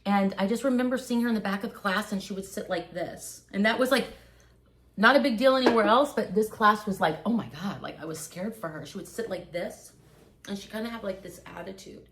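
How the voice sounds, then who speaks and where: A woman's voice: medium pitch, a little fast, a bit bright, a little hiss or hum. Casting note: woman, guest on a casual talk stream, loose storyteller who circles back and restarts often. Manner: rambling storyteller, many likes and restarts. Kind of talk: casual chat.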